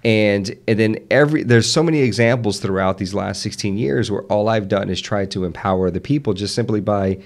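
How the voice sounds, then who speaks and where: Man, 30s, faint Southern accent, low gravelly voice, earnest, restarts often. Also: a little fast, few pauses. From Southern United States. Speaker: podcast guest. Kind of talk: casual conversation.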